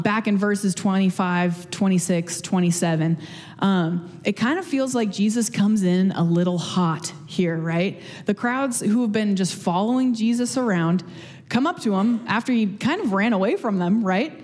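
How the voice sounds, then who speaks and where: A woman's voice: medium pitch, darkish tone, in a large hall. A woman preaching a casual sermon and prayer, chatty, with many fillers and restarts.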